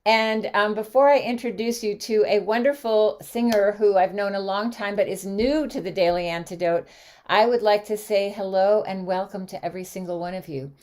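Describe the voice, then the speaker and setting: Speaking in a mid-range voice at a moderate pace, a woman runs an online sing-along show as its host. She's a cheerful, lively greeter who names viewers one after another, keeping the chat warm and casual.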